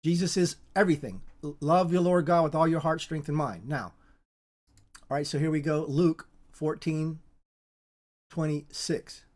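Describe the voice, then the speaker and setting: An informal Bible teacher who talks in a halting, repetitive way, restarting words and circling back to drive each point home. The pitch sits in a middling range, neither high nor low. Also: fairly even intonation, a little mellow.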